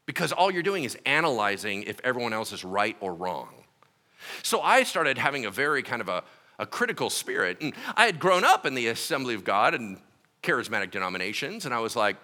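A middle-aged male pastor tells a personal story during a sermon in a medium-pitched voice, speaking briskly. He is animated, acting out quotes with shouts and laughter.

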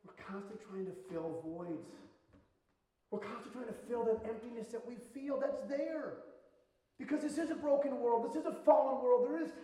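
A male pastor preaching a sermon in a casual, conversational way, moving between hushed and emphatic passages. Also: very high-pitched, moderate pace. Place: church sanctuary. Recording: echoey church hall, mic at a distance.

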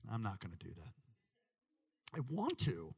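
A man preaching a sermon with animated, dramatic delivery and sudden shouts. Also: low-pitched, normal speed, vocal fry, slightly rough, in a large hall. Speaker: pastor.

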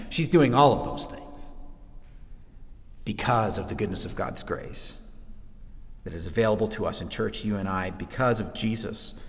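A man preaching a sermon, animated, dropping low and then rising to shouts. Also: in a large hall. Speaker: pastor.

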